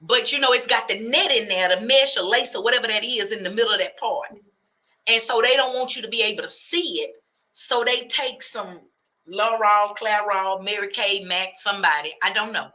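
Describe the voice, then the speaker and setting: Lady radio host going off on a comic rant, super bright sharp voice, preachy rhythm. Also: medium pitch, normal speed. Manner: animated, comic ranting with preacher-like cadences. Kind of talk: comedic talk radio rant.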